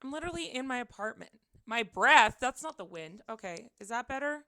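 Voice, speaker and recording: A young woman chats on her live stream from her apartment, slipping into giggles between rambling thoughts. Her voice sits a little high with a gravelly fry and sounds a touch tired. The desk microphone is close and dry, with no room sound. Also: animated, a little fast, pushed and bright, no echo. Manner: giggly, chatty, often breaks into laughter. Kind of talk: casual live-stream chat.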